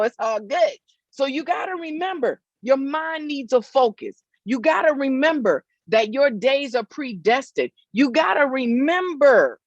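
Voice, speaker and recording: Speaking outdoors on a hot day, a woman gives an emphatic, repetitive faith-based motivational talk, regularly checking in with those listening. Her voice is high-pitched, there's no room sound, and the high frequencies are cut off.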